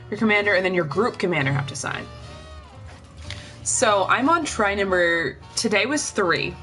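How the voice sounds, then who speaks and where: A woman's voice: lowish voice, pushed and bright. A young woman chats loosely with her livestream viewers at home, rambling from one thought to the next. Her nose is stuffed up and her breathing is heavy. Faint music plays in the background. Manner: chatty, rambling, addresses chat directly. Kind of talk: casual livestream chat.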